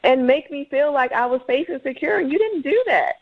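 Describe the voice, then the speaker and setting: A woman's voice: high-pitched, lively intonation, brisk. A woman calling in to a radio show, indignant and exasperated, talking dramatically about a bad date. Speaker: caller. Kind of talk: emotional phone call. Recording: lo-fi phone line.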